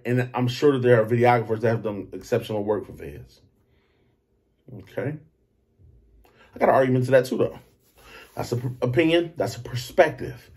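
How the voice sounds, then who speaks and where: A man hosting a podcast, telling a story in a loose, animated monologue. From Detroit. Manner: animated storytelling, acts out others in high voices. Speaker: podcast host. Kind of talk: casual monologue.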